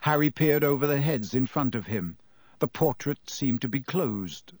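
A man narrating a fantasy audiobook in an expressive storytelling manner. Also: mid-range voice, moderate pace, dry recording. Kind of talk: scripted narration.

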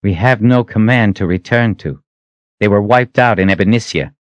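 A man's voice: on the low side, normal speed, dry recording, voice pushed up, close to an everyday voice. A man acts out an earnest young army captain in a storybook reading. He speaks with raised, intense conviction, pushing every line forward. The sound is dry and a little muffled.

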